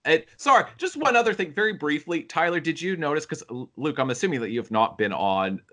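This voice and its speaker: A man hosting a casual film review podcast, talking with animated energy and acting out quotes in high voices. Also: a little fast. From United States. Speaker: podcast host.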